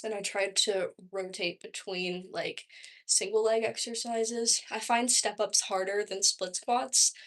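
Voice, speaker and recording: A woman's voice: mid-range voice, a bit bright. A young woman around twenty with a Southern accent, chatting casually on a livestream, rambling with lots of "like" and "um". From Texas, US. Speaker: vlogger.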